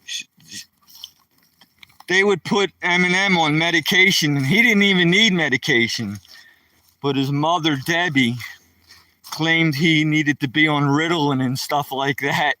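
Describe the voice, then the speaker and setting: A man chats with his live-stream viewers as he walks through the woods, rambling through a story. His voice is bright and a touch high, and it sounds dry and a bit distant from the phone mic. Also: a little slow, pauses often, no room sound. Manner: rambling, chatty, addresses viewers by name. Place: outdoors walking through woods.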